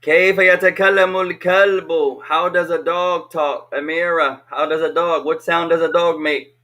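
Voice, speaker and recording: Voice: medium pitch, steady tone, moderate pace, pushed and bright. A teacher leading an online language lesson for children, patiently repeating each question over a video call.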